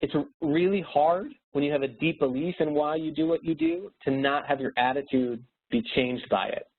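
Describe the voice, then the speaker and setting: A man's voice: on the high side, normal speed, breathy edge. Man coaching over tinny, phone-like audio. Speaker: speaker and educator. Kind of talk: motivational webinar presentation.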